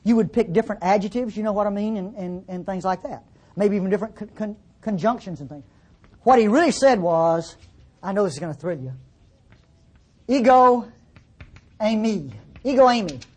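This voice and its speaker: A woman's voice: mid-range voice, fast talker, warm tone, husky. A woman preaching a sermon in a conversational, teasing way, full of rhetorical questions.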